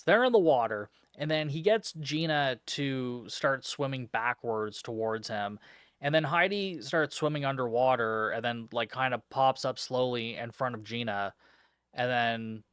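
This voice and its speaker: A man's voice: mid-range voice, unhurried, a bit bright, smooth, no room sound, studio quality. Exasperated swearing man recapping a film. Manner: exasperated, sarcastic, swears constantly. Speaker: podcast host reviewing a film. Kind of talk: casual profane movie recap.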